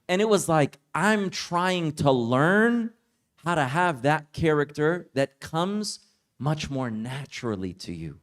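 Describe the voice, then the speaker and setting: A man with a somewhat high voice gives a religious lecture as a story. He talks casually and conversationally, leaning on "like" and "you know" as he recounts it. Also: sing-song, takes it slowly. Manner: casual, conversational, heavy use of "like". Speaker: Islamic teacher. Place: summer retreat lecture.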